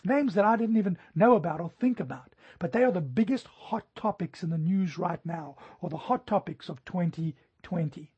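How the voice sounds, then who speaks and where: A man preaching a sermon in a high, husky voice with a mellow, dark tone. He tells stories in an animated way, rising to emphatic peaks. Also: normal speed, few pauses, highs cut off. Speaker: pastor.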